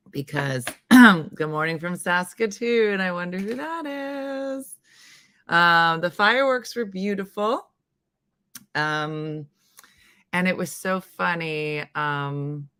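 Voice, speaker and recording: Woman, New Jersey accent, live-stream host, slightly hoarse, bright forceful voice, lowish pitch, rambling chatty manner. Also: dry recording. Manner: chatty, rambling, laughs at herself. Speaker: morning show host. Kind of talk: casual live-stream chat.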